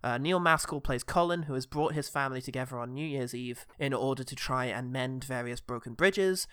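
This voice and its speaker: A man's voice: medium pitch, a little fast, a bit bright, clean tone, dry recording, clean studio sound. A man co-hosting a casual film podcast, chatty, laughing often and acting out quoted lines. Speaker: podcast co-host.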